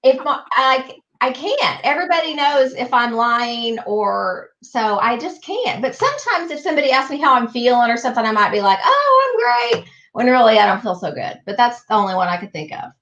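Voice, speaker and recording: Casting note: high, lively, giggly woman guest in an echoey room. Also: a little fast, hardly any pauses, lo-fi sound. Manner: bubbly, giggly, eager. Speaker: guest, RV channel creator. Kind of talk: casual chat.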